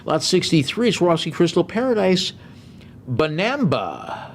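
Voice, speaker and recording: A middle-aged man working as an auctioneer, calling bids briskly with joking asides. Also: mid-range voice, lively intonation, darkish tone, a little hiss or hum.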